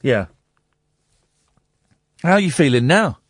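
A man hosting a late-night radio show from a studio, talking excitably with stammering restarts. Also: on the high side, slow, slightly rough, dry recording. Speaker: radio host. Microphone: studio microphone.

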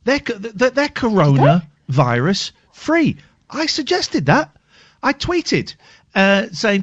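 A male radio host in casual, playful, self-mocking banter, drawling some words and rushing others. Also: high voice, big pitch swings. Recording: lo-fi radio broadcast.

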